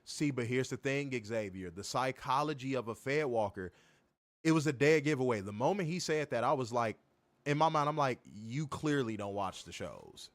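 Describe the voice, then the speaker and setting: A young man co-hosting a wrestling review livestream, reading chat comments and trash-talking in a profane, animated way. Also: mid-range voice, normal speed, no room sound. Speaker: wrestling podcast co-host.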